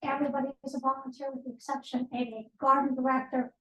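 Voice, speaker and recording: A woman with a high voice gives a guest talk at a team meeting. She explains things plainly and adds wry asides. She sounds far from the microphone, in a reverberant office room. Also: little pitch movement, fast talker, lo-fi sound. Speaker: guest speaker, nonprofit board president. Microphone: distant room microphone.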